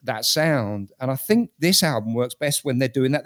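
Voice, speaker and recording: A man's voice: medium pitch, animated, normal speed, fairly bright tone. Blunt British man critiquing music. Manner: blunt, opinionated, repeats words while thinking. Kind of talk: casual panel discussion.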